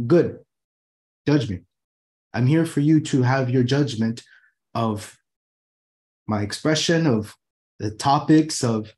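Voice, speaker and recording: A man's voice: mid-range voice, a little mellow. A man hosting his own talk show from his room, talking casually and animatedly, swearing freely and acting out people's inner thoughts. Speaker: host.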